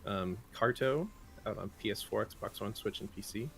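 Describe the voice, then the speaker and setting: Male co-host, gravelly low voice, brisk news read-out with joking asides. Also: soft background music. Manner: brisk list-reading with playful asides. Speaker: morning show co-host reading game news. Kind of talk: casual morning show banter.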